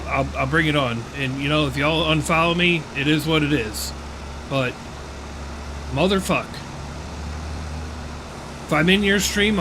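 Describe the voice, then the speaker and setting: Swearing and ranting at his chat in laughing, casual banter, a middle-aged American man runs a livestream. His voice is a little high, and there's background noise.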